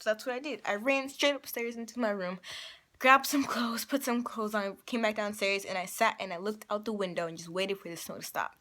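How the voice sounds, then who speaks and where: A girl vlogger with a sore, hoarse throat telling a rambling story to camera, acting out her own excited lines. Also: mid-range voice. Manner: rambling, with excited quoted dialogue. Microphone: built-in camera mic.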